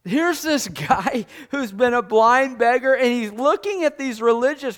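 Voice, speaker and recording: Preaching with great animation, this man dramatizes scripture quotes. Fast, loud passages give way to slow, low readings from the King James Bible, with big shifts in pitch and volume throughout.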